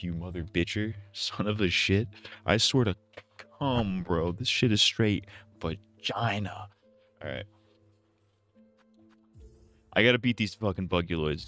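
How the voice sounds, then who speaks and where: A man with a lowish voice riffing through a live gaming stream, crude, profane and goofy. He talks slowly and drags his words out. The sound is dry and close, with no room around it. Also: animated, fairly bright tone, no room sound, faint music behind. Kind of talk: casual gaming stream commentary.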